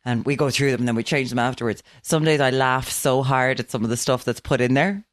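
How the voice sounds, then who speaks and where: A middle-aged woman co-hosting a radio show, chatting casually and animatedly, leaping up in pitch when she mimics people. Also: fairly even intonation, fairly quick, no room sound, studio quality. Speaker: radio co-host. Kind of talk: casual chat.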